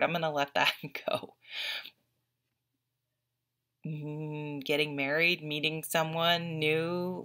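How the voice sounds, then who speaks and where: A woman with a notably low voice talks through a tarot reading in a casual, heartfelt way. She is earnest and openly emotional, speaking as a young adult reading the cards for her viewers. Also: fairly even intonation, a little slow, fairly bright tone. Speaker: tarot reader.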